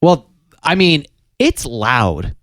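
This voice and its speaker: A man co-hosting a podcast, cracking dry deadpan jokes in casual chat. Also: fairly high pitch, extremely slow, dry recording. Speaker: podcast co-host.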